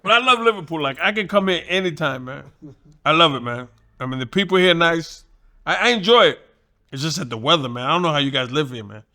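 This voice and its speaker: A man with a New York accent, a boxing trainer and guest telling profane, animated stories in casual talk. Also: a little high, fast. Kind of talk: casual storytelling.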